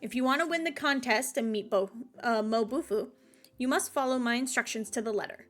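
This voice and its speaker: A woman's voice: fairly high pitch, a little fast, fairly bright tone, soft background music, natural voice. A woman reading the lines of a demanding head chef aloud from a game, in her own voice. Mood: stern.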